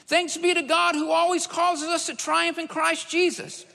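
A man's voice: extremely high pitch, little pitch movement, moderate pace, vocal fry, hardly any pauses, sharp tone. A man preaching a sermon, emphatic, repeating key phrases for stress. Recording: long hall reverb.

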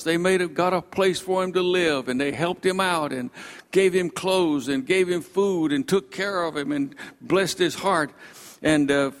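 A man's voice: high-pitched, long reverb tail. A man preaching a sermon, retelling a conversion story with fervent exclamations.

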